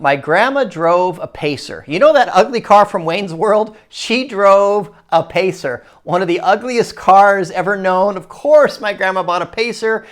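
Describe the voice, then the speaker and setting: Man telling a rambling story. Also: high voice. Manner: rambling, self-interrupting, animated when excited. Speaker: video creator telling a personal story. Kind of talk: casual storytelling monologue.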